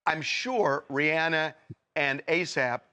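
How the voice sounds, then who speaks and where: A male talk show host questioning a guest in quick, eager bursts. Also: a little high, bright, forceful tone, clean tone. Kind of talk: studio interview questions.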